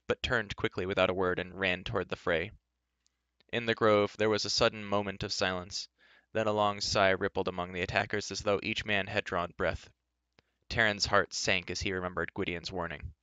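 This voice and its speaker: Man, low clear voice, reads a novel aloud in even storytelling, dry dull lo-fi sound. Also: no echo. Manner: steady storytelling with occasional word slips. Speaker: reader. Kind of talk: reading a fantasy novel aloud.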